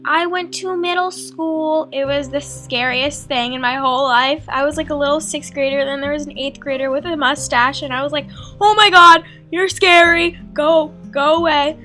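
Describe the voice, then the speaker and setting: Teen girl vlogger, high bright voice, chatty storytelling voice-over, faint music bed. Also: steady tone, moderate pace, hardly any pauses. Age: teens. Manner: chatty, full of likes and ums, acts out her own quotes. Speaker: beauty vlogger. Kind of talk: draw-my-life voice-over narration.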